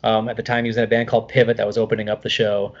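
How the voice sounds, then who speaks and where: A middle-aged male guest tells a casual anecdote, animated, swearing freely and filling with "like." His voice is lowish and very fast, and the audio is dull.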